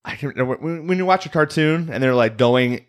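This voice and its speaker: A man's voice: on the high side, fairly quick. Rambling, laughing male podcast co-host. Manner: rambling, laughs often, self-deprecating. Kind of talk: casual chat recapping a TV show.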